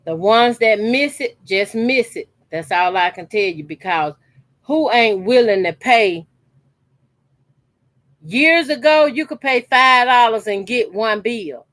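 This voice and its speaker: Slow-talking woman quilter. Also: on the high side, animated, fairly bright tone, no echo. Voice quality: colloquial, chatty, emphatic repetition. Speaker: sewing channel host. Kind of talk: casual chat while sewing. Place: her sewing corner at home.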